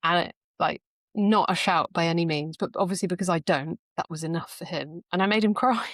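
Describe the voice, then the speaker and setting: A woman with a lowish voice shares stories in a relaxed podcast chat, reflective and laughing easily. The sound is close and dry, with no room around it. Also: fairly quick, no echo. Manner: reflective storytelling, laughs often. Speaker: podcast speaker. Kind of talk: casual conversation.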